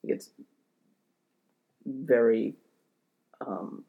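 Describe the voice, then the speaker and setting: Gravelly-voiced man rambling through a story. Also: mid-range voice, very slow, phone-quality sound. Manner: rambling, hesitant, filler-heavy, self-deprecating. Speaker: podcast co-host telling a story. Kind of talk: casual comedic storytelling.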